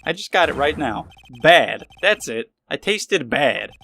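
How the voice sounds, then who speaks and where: A man's voice: on the high side, expressive, normal speed, sharp tone, slight background noise. A man voicing a bumbling, earnest male police detective, stammering and calling people "pal". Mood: rueful. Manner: stammering, ends lines with "pal". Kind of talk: reading game dialogue aloud.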